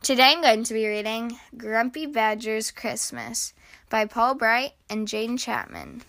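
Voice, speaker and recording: A woman reading a children's picture book aloud, with expressive storytelling. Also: a little high, a little slow, no echo.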